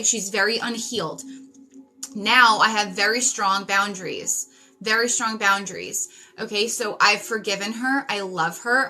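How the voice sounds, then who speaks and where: A woman's voice: mid-range voice, pushed and bright. A woman in her thirties giving an intense spiritual reading, emphatic and repetitive, swearing for emphasis. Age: 30s. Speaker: psychic reader. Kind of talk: spiritual tarot reading monologue.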